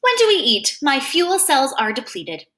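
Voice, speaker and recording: A woman's voice: high-pitched, huge pitch swings, moderate pace, pushed and bright, exaggerated voice. A woman voicing a small, clever boy with a cocky, wisecracking manner in a storybook reading. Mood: teasing. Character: small clever boy, know-it-all grin.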